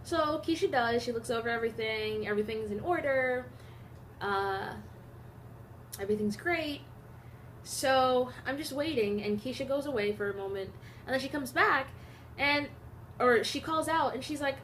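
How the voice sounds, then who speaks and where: A woman's voice: on the high side, moderate pace, a bit bright, a little hiss or hum. A young American woman vlogging, telling a story casually with many digressions and fillers. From United States. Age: young adult.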